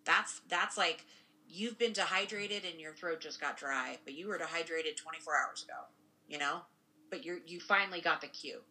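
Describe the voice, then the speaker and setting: Podcast co-host, young woman, low pitch, rambling casual talk full of tag questions. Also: moderate pace, sharp tone, poor audio. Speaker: podcast co-host and spiritual practitioner. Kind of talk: casual conversation.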